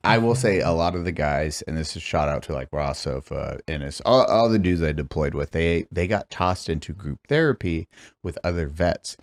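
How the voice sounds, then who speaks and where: A man in his thirties hosting a podcast interview, telling stories loudly with laughter and swearing. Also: very deep voice, animated, normal speed. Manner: loud, laughing storytelling with swearing. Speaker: podcast host.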